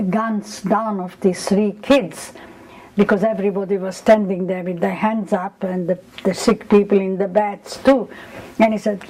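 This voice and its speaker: A woman's voice: medium pitch, poor audio. An older woman, recounting memories in an oral history interview and acting out the people she quotes. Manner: animated storytelling, acts out quoted voices.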